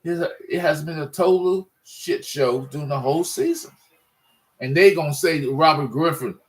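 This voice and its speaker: A man's voice: a little high, animated, brisk, faint music behind, low-quality recording. A man ranting in a casual monologue, frustrated and rambling, often restarting his sentences. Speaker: sports fan vlogger.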